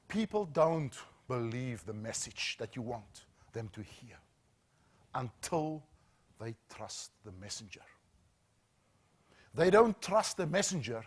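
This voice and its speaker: A middle-aged man, telling a story as a safety trainer, with earnest dramatic pauses that drop to a hush. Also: medium pitch, husky.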